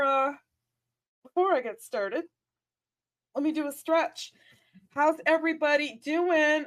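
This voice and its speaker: A woman's voice: a little high, a bit bright. A woman hosting a casual crypto livestream, bubbly and exclamatory, with playful asides. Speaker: livestream host.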